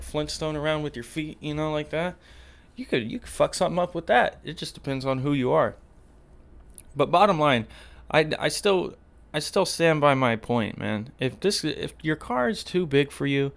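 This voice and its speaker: A man's voice: mid-range voice, clean tone. A man hosting a podcast, telling a profane, exasperated story in a casual rant. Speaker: podcast host. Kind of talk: casual ranting monologue.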